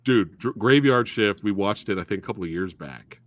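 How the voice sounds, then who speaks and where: A man hosting a casual movie review chat, excitable and slangy, calling his guest dude and bro. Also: on the low side, fairly quick, dry recording. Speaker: host. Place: live stream, reading chat.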